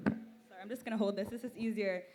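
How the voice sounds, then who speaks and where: A woman introducing herself on an outdoor festival stage, speaking softly and with some hesitation. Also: medium pitch, steady tone, quick pace, slight background noise. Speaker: festival performer.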